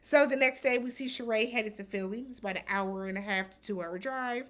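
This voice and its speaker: A woman hosting a casual reality TV recap, talking in a blunt, animated way with some swearing. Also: on the high side, a little fast.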